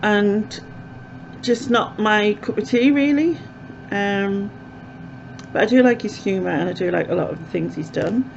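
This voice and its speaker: A woman's voice: medium pitch, unhurried, vocal fry, highs cut off, slight background noise. Chatty woman vlogging. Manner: chatty and rambling, with lots of "um" and "like". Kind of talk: casual chat to camera.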